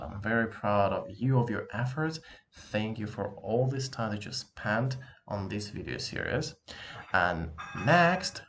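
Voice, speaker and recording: A man teaching a language lesson, patient and encouraging, repeating words slowly to show how they sound. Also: lowish voice, vocal fry, a bit bright, slight background noise. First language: Russian. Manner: slow, drawn-out demonstration pronunciations. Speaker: Russian teacher.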